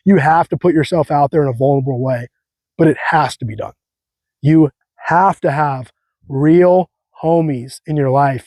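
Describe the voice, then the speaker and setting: Young male host, earnest and fired up, bit higher pitch, casual chat. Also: darkish tone, no room sound. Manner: earnest, fired-up, slangy, repeats phrases. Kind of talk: casual faith talk to viewers.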